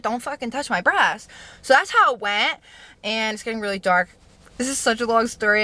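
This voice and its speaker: Bright-voiced young woman telling a story. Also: medium pitch. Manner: animated, profane, acts out quotes. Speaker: vlogger telling a personal story. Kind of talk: casual storytime monologue.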